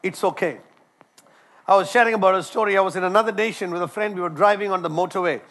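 A man's voice: high voice, steady tone, rapid-fire, a bit bright. A man who is a doctor preaches a sermon, telling a personal story and often repeating words and restarting phrases.

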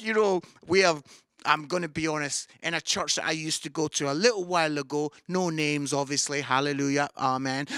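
A man preaching a sermon to an online audience, enthusiastic, shifting from excited outbursts to soft pleading. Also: very high voice, no echo, studio quality. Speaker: pastor.

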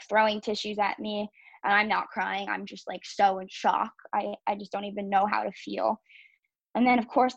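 A young woman shares her own story as a podcast guest, speaking candidly and dropping frequent "um"s and "like"s. Her voice has a gravelly, creaky edge and stays fairly level in pitch. The recording is dry and slightly dull. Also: dry recording. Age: young adult. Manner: candid, filler-heavy with frequent "um" and "like". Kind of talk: personal storytelling.

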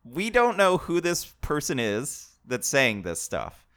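A man's voice: fairly high pitch, huge pitch swings, takes it slowly, fairly bright tone. Wry, sarcastic man on a podcast. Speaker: podcast co-host. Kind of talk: casual movie recap chat.

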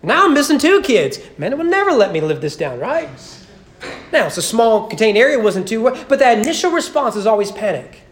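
A man preaching a sermon in a church, conversational and full of rhetorical questions, slowing to a hush at key points. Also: high-pitched, big pitch swings. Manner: conversational, keeps asking "right?". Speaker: pastor.

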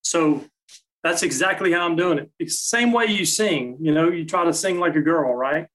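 A man, a guest call maker, explaining his technique step by step in a relaxed, practical way. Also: a little high, moderate pace, rough recording.

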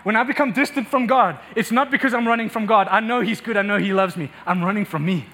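Male pastor, very high voice, fervent repetitive sermon delivery, swells to near-shouting. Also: fast talker, slight background noise.

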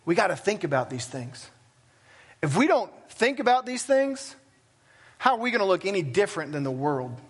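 A man's voice: sits high, big pitch swings, moderate pace, slightly rough. A man preaching a sermon as pastor, talking plainly and conversationally with self-deprecating asides. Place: church sanctuary.

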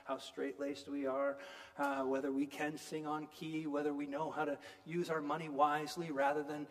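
A man preaching a sermon, retelling a story in an animated, emphatic storytelling manner. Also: on the high side, big-room sound.

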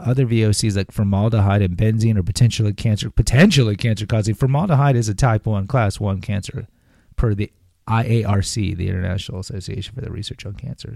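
A podcast host offering casual commentary on health topics reads material aloud, then riffs off into rambling, sarcastic asides. His voice is lowish, creaky, and warm, and the recording is dry and studio quality.

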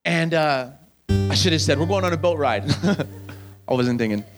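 A high-pitched man gives an animated, joking sermon at a camp, calling listeners up and teasing them between story beats. Clear music plays steadily behind his voice. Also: measured pace. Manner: animated, joking, calls people up on stage. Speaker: camp speaker. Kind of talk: storytelling sermon with crowd banter. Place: camp gathering, live audience.

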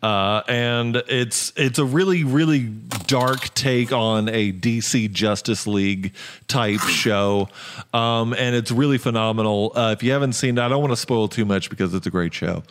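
A man's voice: medium pitch, moderate pace, a bit bright, slight background noise. A man hosting a casual podcast, rambling with lots of ums and uhs. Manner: rambling, many fillers and restarts. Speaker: podcast host. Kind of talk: casual chat.

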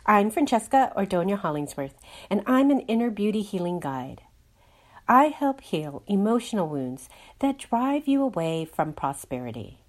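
A woman's voice: mid-range voice, very animated, moderate pace. A woman working as a healing guide, leading a guided meditation and an astrology talk in a soothing, instructive way.

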